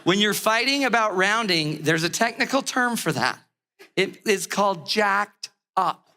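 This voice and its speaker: A middle-aged man giving a motivational talk on relationships, an animated storyteller who acts out the people in his stories. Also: sits high. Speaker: relationship speaker.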